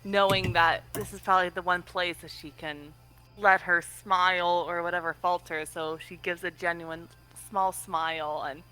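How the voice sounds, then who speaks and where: Woman, tabletop player, slow, hesitant, bright low voice, faint music. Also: smooth, low-quality recording. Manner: hesitant, with ums. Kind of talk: narrating her character in a tabletop game.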